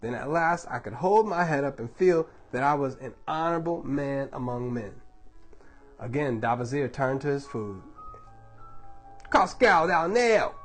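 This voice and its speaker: A man reading a book aloud to his baby, telling the story in a measured, dramatic way. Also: medium pitch, soft background music.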